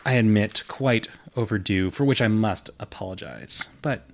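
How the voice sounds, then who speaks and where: A man's voice: lowish voice, moderate pace, gravelly. A man voicing a cold, gaunt female spirit of famine, gracious and smiling but menacing. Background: background music.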